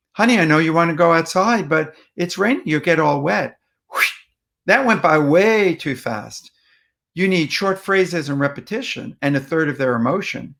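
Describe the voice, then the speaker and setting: A man giving a patient, plainspoken explanatory talk on how to speak with upset people and toddlers, often pausing with ums and restarting phrases. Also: mid-range voice, fairly bright tone. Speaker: parenting communication speaker.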